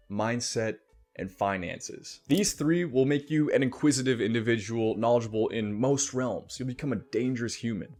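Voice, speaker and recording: A man hosting a casual style and self-improvement vlog, chatty and laid-back, often laughing as he talks. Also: mid-range voice. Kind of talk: casual advice vlog with sponsor read.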